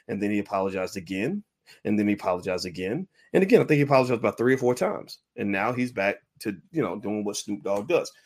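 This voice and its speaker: A middle-aged man hosts a commentary podcast in a mocking, animated way. His voice sits at an ordinary middle pitch. He sometimes jumps up into a high wailing imitation of a crying baby. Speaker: podcast host. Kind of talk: commentary monologue.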